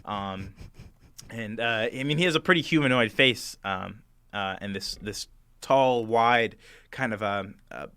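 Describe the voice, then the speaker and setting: A man narrating a tabletop game as game master, halting with many fillers. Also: lowish voice, bright, forceful tone, clean tone, no echo.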